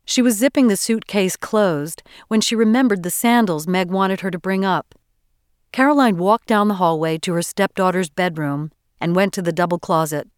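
Smooth low-voiced woman reading a novel. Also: no echo, clean studio sound. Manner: measured, even storytelling delivery. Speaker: audiobook narrator. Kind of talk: scripted narration.

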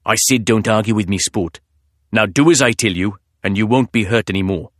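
A narrator puts on a cold, husky thug with a British-sounding accent, hushed and low. The voice sits deep and threatening, clipped and close to the mic. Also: male voice, a little fast, dry recording, lightly acted. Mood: menacing. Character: menacing big male intruder, cold.

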